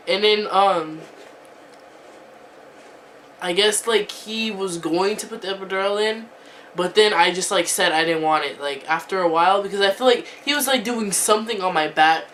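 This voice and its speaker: A woman's voice: mid-range voice, moderate pace, a bit bright, recorded from a distance, a little hiss or hum. A teenage girl telling a storytime vlog, chatty, filling her talk with "like" and "um". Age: teens. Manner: chatty, lots of "like" and "um", laughing asides. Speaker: vlogger.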